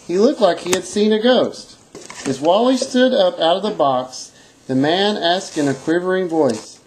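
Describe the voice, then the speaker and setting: Amateur storyteller, woman, lower voice, very expressive delivery. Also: normal speed, a little hiss or hum, rough recording. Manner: playful, animated reading.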